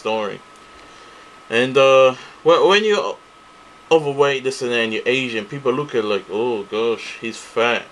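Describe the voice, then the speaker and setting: A man vents in a heated, profane monologue, looping through the same grievances with restarts. His voice sits at an ordinary middle pitch. A faint hiss and air-conditioning hum run underneath. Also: fairly bright tone, rough recording. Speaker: vlogger. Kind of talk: angry ranting monologue to camera.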